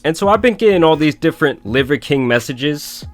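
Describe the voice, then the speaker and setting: A man's voice: a little high, animated, a little fast, faint music behind. A man narrating a scripted commentary video in a sarcastic, mocking tone.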